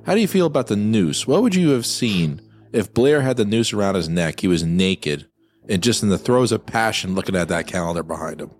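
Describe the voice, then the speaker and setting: A man's voice: fairly low pitch, expressive, a little fast, a little mellow, faint music behind. A man co-hosting a movie watchalong, joking crudely and laughing a lot. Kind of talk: casual chat over a film.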